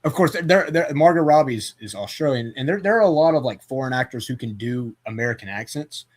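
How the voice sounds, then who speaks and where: A man's voice: medium pitch, expressive, quick pace. A man hosting a casual movie chat, rambling with lots of fillers and restarts. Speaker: podcast host.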